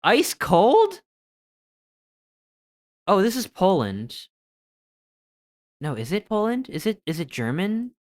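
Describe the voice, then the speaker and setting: An excitable streamer talks through guesses on a live stream, swearing freely. The delivery is unhurried, with pitch that leaps around animatedly. The voice is smooth and clean in a dry, close-sounding space. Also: no echo. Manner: excitable, swears often, thinks aloud while guessing. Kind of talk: live-stream gameplay commentary.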